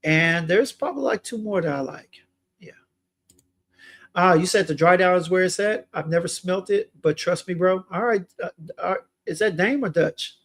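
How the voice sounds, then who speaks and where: A man's voice: high-pitched, normal speed, a bit bright. A young man hosting a fragrance livestream, chatting casually and reading viewer comments aloud in a laid-back way.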